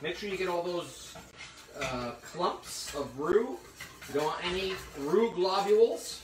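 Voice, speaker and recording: A man's voice: sits high, lively intonation, measured pace. A man giving a live cooking demonstration in a kitchen, talking the audience through each step as he cooks. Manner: chatty, explains steps as he cooks. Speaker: cooking instructor. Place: hot kitchen. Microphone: phone streaming to a remote audience. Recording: echoey room, voice from a distance.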